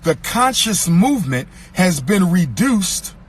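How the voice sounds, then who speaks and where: A man giving an impassioned lecture to an audience, with a preacher-like cadence, repeating lines for emphasis and rising to shouts. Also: sits high, big pitch swings, slow, slight background noise.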